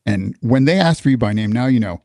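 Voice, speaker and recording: A middle-aged Texas man with a medium-pitched voice talks briskly on a dry, clean studio recording. He's a military veteran guesting on a podcast, swapping candid, animated stories in a casual interview, swearing and restarting often.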